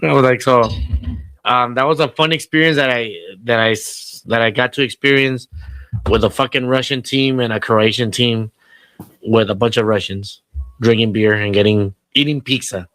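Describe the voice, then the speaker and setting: A man's voice: medium pitch, steady tone, moderate pace, fairly bright tone, no room sound. A man co-hosting a podcast in casual chat, telling rambling, profane stories and slipping into Spanish. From Southern California. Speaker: podcast co-host.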